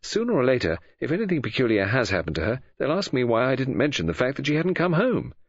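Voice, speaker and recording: A man voicing a brisk, conventional young woman who speaks in a clipped, insistent way, in an audiobook reading. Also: medium pitch, sing-song, breathy edge, no echo, pitched above the performer's own voice. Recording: dull lo-fi audio.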